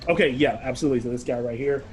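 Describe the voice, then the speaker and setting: A man's voice: medium pitch, rapid-fire. A man narrating a tabletop game as game master, rambling along with lots of fillers.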